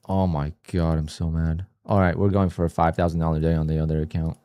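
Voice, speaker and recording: A man's voice: low-pitched, moderate pace, hardly any pauses, dark tone, no echo. A man livestreaming his day trading, muttering to himself and scolding himself with sudden frustrated outbursts. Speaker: day trader streaming his trades. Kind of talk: live trading commentary.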